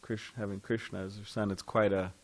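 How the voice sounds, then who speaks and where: A man with a slightly low voice leads a devotional scripture class in a temple. He talks loosely and conversationally, pausing to ask his listeners questions. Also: flat delivery.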